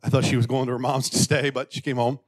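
Man preaching with lively storytelling. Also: fast talker. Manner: animated, acts out quotes in a raised pitch; drops to a quiet, intimate tone. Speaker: pastor. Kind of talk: sermon storytelling.

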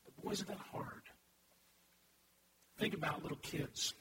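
A man in his thirties preaching a sermon as pastor, talking conversationally and asking the congregation questions. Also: a little slow. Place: church sanctuary. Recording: echoey, distant, noisy room recording.

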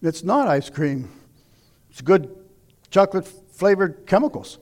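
A middle-aged male pastor preaching a sermon, telling stories and asking questions, dropping to near whispers and rising to shouts. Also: sits high, big pitch swings, unhurried. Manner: dramatic, swings from hushed near-whispers to shouting; conversational storytelling with rhetorical questions.

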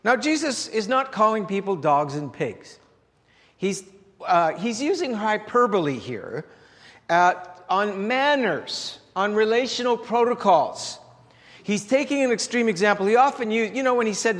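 High-voiced preaching man in a reverberant hall. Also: animated, normal speed, fairly bright tone. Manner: conversational, repeats words, asks the congregation rhetorical questions. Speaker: pastor. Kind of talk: sermon.

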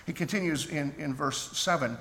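A man's voice: fairly high pitch, normal speed, gravelly, fairly bright tone. A man pastor preaching a sermon in a church, earnest and conversational, often restarting his sentences. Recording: echoey hall, faint background noise.

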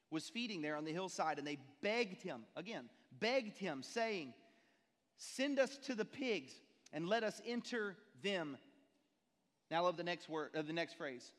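A male pastor preaching a sermon, telling stories with animated voices and asking the congregation rhetorical questions. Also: fairly high pitch. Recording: long reverb in a church hall.

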